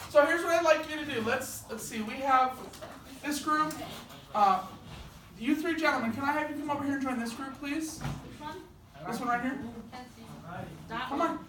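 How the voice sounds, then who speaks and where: A male teacher leading a classroom lesson, directing students and calling on them by name. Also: very high-pitched. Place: school classroom. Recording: very echoey classroom from far off, noisy.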